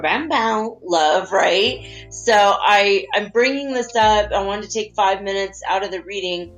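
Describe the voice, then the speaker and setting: A woman hosting a spiritual talk, chatting gently and guiding listeners through visualizations. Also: medium pitch, vocal fry. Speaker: spiritual channel host. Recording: faint guitar music behind.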